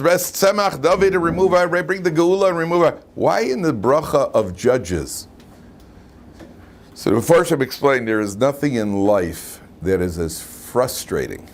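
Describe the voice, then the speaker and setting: Man, rabbi, informal class, lively questioning, classroom, faint noise. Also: fairly low pitch. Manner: lively, asks the class questions, frequent "right?".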